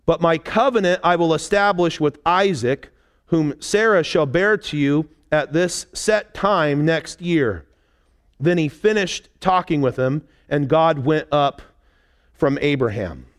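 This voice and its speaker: Smooth high-voiced pastor teaching scripture. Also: male voice, animated, unhurried. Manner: conversational, wry asides, laughs lightly. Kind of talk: expository Bible teaching.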